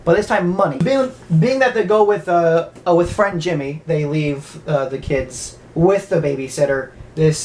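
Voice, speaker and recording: A woman's voice: on the low side, darkish tone. A woman casually recapping a horror movie, rambling, stammering often and swearing freely. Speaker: movie reviewer.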